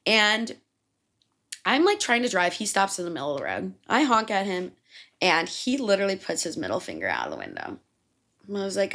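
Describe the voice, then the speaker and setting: A young woman from Chicago hosts a casual solo podcast and rants in a profane, storytelling style. Her pitch swings widely, rising high and dropping low within a sentence. She sounds loose and unscripted. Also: big pitch swings, fast, a bit bright. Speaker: podcast host.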